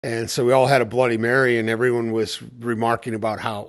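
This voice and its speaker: A man's voice: medium pitch, little pitch movement, quick pace. Man telling stories about cocktails. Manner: anecdotal storytelling, acting out quoted exchanges. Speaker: cocktail educator. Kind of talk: casual conversation.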